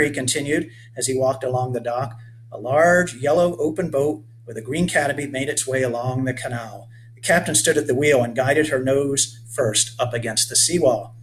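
A man's voice: medium pitch, normal speed, a little hiss or hum, rough recording. A man, the author, reading his children's book aloud and stepping out of the story to speak to young listeners. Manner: gentle asides speaking to children.

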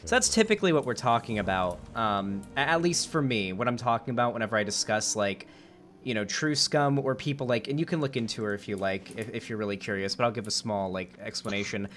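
A man's voice: on the low side, animated, fast, a bit bright. A man hosting a casual debate with a viewer, talking in a rambling way with many fillers and restarts. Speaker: host.

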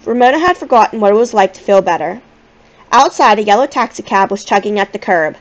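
A woman reading a children's novel aloud in a gentle, expressive storytelling manner. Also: mid-range voice, quick pace, low-quality recording. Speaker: audiobook reader.

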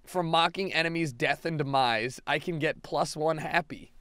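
A young man giving profane, excitable let's play commentary as a gaming video host, now and then bursting into shouts. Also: fairly high pitch, moderate pace, hardly any pauses, clean tone, no echo.

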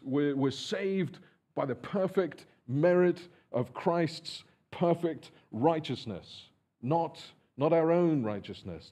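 Husky, mellow-voiced preaching man. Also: a little high. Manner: earnest, measured preaching with frequent fillers and restarts. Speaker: pastor. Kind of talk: sermon. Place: church.

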